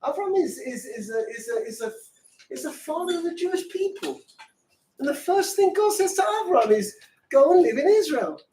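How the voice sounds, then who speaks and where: A fervent middle-aged man with a high voice teaches a Torah class, piling on rhetorical questions and breaking into shouts. He is picked up from across an echoey room, with faint room hum behind him. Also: big pitch swings, normal speed, recorded from a distance.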